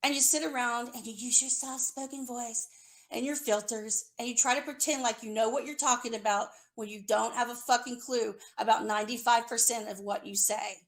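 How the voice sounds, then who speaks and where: A woman with a high voice tears into someone in a furious, confrontational rant. She is accusatory and sarcastic, and she swears freely. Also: fairly even intonation, fairly quick.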